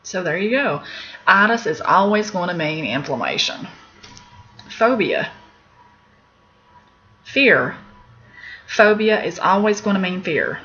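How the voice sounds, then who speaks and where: A woman's voice: fairly low pitch, big pitch swings, takes it slowly, long pauses, pushed and bright. A middle-aged woman with an Appalachian accent, teaching a casual recorded lesson on medical terms in a candid, chatty way. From Appalachian United States. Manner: candid, chatty, laughs at own jokes. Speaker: medical office instructor. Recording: slightly dull lo-fi recording with faint background noise.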